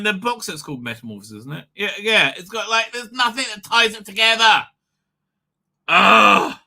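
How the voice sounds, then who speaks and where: Bright-voiced ranting male streamer. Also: high voice. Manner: profane, ranting, many fillers. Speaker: livestream host. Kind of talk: rambling live stream chat.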